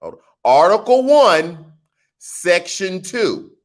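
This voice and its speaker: Man, New Orleans accent, middle-aged, casual vlog explainer, animated, teasing. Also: high-pitched, slow. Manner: animated, teasing, rhetorical questions, colloquial asides. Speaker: political commentary vlogger.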